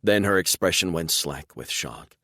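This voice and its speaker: Male audiobook narrator, very low voice with a wide, animated range. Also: normal speed, dry recording, clean studio sound. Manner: expressive storytelling, first-person. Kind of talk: scripted narration.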